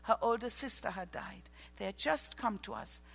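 A woman missionary preaching a sermon, telling heartfelt stories that drop to hushed tones and rise to ringing exclamations. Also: fairly high pitch, moderate pace, vocal fry, big-room sound. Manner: emotional storytelling, swinging from hushed to ringing exclamations.

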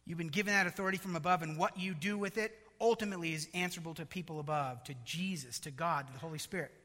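A man preaching a sermon, dramatic and animated, with mocking asides. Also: fairly high pitch, fast, in a large hall.

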